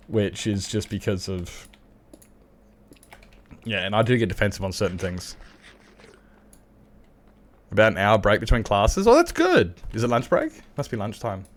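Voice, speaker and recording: An Australian man chatting casually and candidly as a livestreamer while gaming, swearing freely and laughing often. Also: on the low side.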